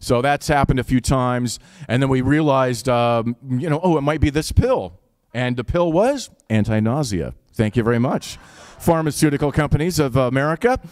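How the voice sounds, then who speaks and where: A man's voice: mid-range voice, normal speed, darkish tone, dry recording, studio quality. A man with an Upper Midwest accent telling a personal story live, in a casual, wry, profane way.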